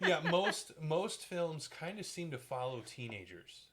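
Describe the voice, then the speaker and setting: Middle-aged co-host, easygoing, chimes in to complete thoughts, middle pitch. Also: sing-song, unhurried, over a noisy crowd. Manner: agreeable, finishes the other's sentences. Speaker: podcast co-host. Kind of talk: casual chat.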